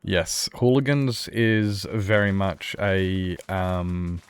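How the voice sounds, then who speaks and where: Chatty Australian man, low voice. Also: fairly even intonation, extremely slow, smooth. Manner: rambling and chatty, laughs often, many restarts. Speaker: streamer. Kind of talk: casual chat with viewers while playing a survival game.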